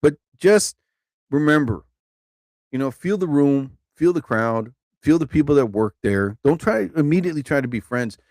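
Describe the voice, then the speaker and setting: A man hosting a live stream, telling rambling stand-up stories casually, laughing often and jumping into higher voices to act out quotes. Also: lively intonation, moderate pace, darkish tone, dry recording. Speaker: live show host, comedian.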